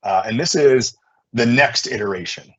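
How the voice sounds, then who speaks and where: A man giving an energetic conference presentation, chatty and full of fillers. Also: mid-range voice, moderate pace, muffled recording.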